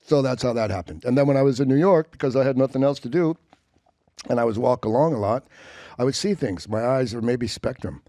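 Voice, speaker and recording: A man's voice: mid-range voice, fairly quick, dark tone, dry recording, studio quality. A man, an actor guest on a podcast, chatting casually and telling rambling, profane stories full of restarts and sound effects. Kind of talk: casual storytelling chat. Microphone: studio mic with headphones.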